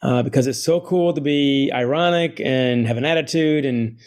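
A middle-aged man, an author speaking as a guest, telling stories in an animated way and laughing often. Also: mid-range voice, normal speed, clear, resonant tone. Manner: energetic, quotes others in put-on voices, laughs often. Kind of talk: animated storytelling interview.

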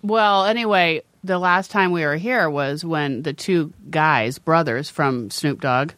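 A woman's voice: low voice, measured pace, fairly bright tone, no room sound. A woman co-hosting a podcast in easygoing chat, laughing often. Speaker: podcast co-host. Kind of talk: casual chat.

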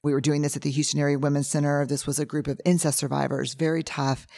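Hoarse woman telling stories. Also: deep voice, fast, no room sound. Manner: animated storyteller who acts out quotes, with frequent restarts. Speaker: podcast host and researcher. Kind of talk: casual monologue answering listener questions.

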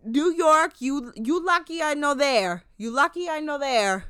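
A feisty older grandmother with a foreign accent, loud and defiant, as a woman puts her on. Pitched higher than her usual talk. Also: animated, a little slow, no echo, studio quality.

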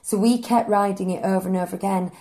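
A woman's voice: mid-range voice, steady tone, quick pace, mellow. A woman with a mid-range voice co-hosts a podcast. She talks casually and tells stories with chatty enthusiasm. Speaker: podcast co-host. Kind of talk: casual chat.

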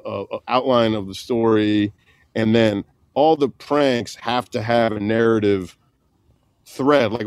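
A man being interviewed, telling a story with laughs and acting out the people he quotes in loud voices. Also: lowish voice, no room sound. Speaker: guest, comedian and prank filmmaker. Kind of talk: animated anecdote telling.

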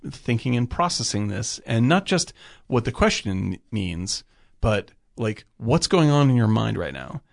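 A man in casual film chat, rambling with lots of fillers and getting animated when he retells scenes. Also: fairly low pitch, a little slow, vocal fry.

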